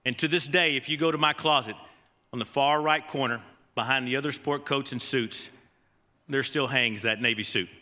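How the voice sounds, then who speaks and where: The long reverb of a large banquet hall surrounds a mid-range, pushed, bright voice speaking at normal speed. It belongs to a former assistant coach giving a folksy, self-deprecating ceremony speech, story after story, with fillers and restarts.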